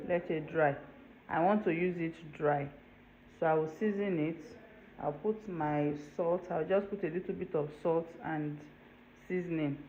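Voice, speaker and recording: With a low, slightly mellow voice, a woman runs a home cooking tutorial, chatting through each step and checking on the viewer. It's filmed in her home kitchen on dull lo-fi video with faint room noise.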